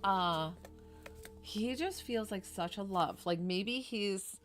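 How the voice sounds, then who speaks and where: A woman's voice: medium pitch, slow, soft background music. A woman from New York doing a chatty, effusive psychic reading on a live stream. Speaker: psychic medium.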